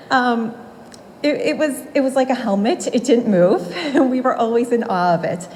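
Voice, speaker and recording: A woman's voice: medium pitch, a little mellow, a little hiss or hum, poor audio. A woman in her forties giving a eulogy for her grandmother in a funeral home room, telling fond stories and laughing between memories.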